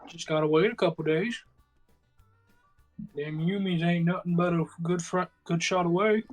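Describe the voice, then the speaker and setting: A man's voice: high-pitched, steady tone, normal speed. Deferential male orc played by a man, drawling, half British, half Southern; faint music behind. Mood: reassuring. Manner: put-on accent drifting from British into Southern drawl.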